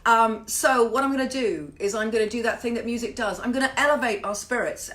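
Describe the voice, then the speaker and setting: A British woman singer hosting a casual home livestream, chatty and warm with viewers, greeting them by name and swearing playfully. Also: a little high, fairly quick, hardly any pauses. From Britain.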